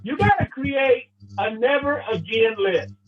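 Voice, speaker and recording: A man's voice: extremely high pitch, big pitch swings, a little slow, breathy edge. A man giving a playful motivational talk to a sales team, acting out little scenes as he goes. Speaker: motivational speaker. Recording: tinny phone-like sound.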